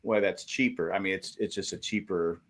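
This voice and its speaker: A man's voice: low-pitched, steady tone, moderate pace, a bit bright, a little hiss or hum. A man co-hosting a casual podcast, joking and teasing, often restarting his sentences. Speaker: podcast co-host.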